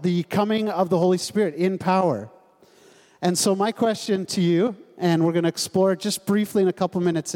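A man's voice: high voice, a little mellow. A man preaching a sermon to a congregation, in a conversational, lightly humorous way, asking his listeners questions. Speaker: pastor. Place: church sanctuary. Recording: long hall reverb.

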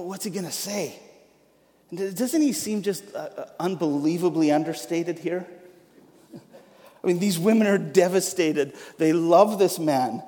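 Pastor, male, lively sermon delivery, somewhat raised pitch, echo of a big church hall. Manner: animated, joking, with restarts. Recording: long hall reverb.

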